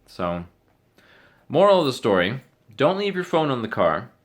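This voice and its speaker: A man's voice: mid-range voice, very animated, moderate pace. A young man vlogging, casually retelling a story and acting out what other people said.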